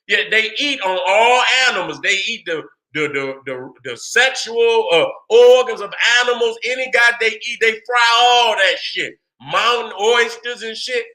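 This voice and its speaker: A channel host delivers a heated, profane lecture, speaking emphatically and repeatedly asking "you see what I'm saying" to check that listeners follow. His voice is extremely high-pitched and sharp.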